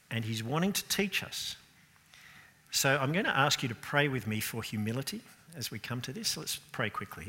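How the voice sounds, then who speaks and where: A male preacher delivers an earnest sermon, pressing his listeners with rhetorical questions. His voice is bright and forceful. A long church reverb trails each phrase. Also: medium pitch.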